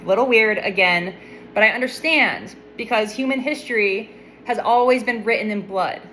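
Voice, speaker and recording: A young adult woman retells a Bible story in a casual, chatty way, breaking off for wry, playful asides. Her voice sits at a medium pitch, and a faint hum of noise runs quietly underneath. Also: normal speed, poor audio.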